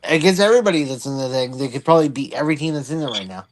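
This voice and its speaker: A man's voice: medium pitch, expressive, racing. A man co-hosting a casual sports talk show, thinking aloud with frequent restarts and fillers. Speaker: podcast co-host.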